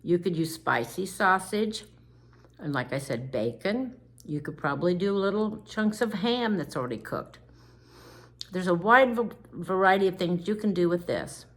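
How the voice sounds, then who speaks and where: A woman's voice: lowish voice, animated, normal speed. An older woman chatting in a homey, casual way as she walks viewers through a cooking demo. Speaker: cooking vlogger.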